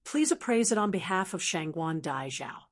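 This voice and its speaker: A woman's voice: fairly low pitch, animated, moderate pace. A woman voicing an eager male court scholar reciting a poem, in an audiobook reading. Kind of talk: audiobook narration.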